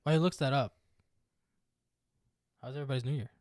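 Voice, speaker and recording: A young man co-hosting a podcast in casual chat, quick and chatty, often restarting his sentences. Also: medium pitch, steady tone, darkish tone, no room sound, clean studio sound. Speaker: podcast co-host.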